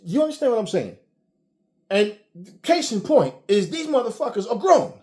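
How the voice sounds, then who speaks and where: A male commentator with a high, sing-song, mellow voice rants casually to his audience at normal speed. He's blunt and profane, and he often restarts what he's saying.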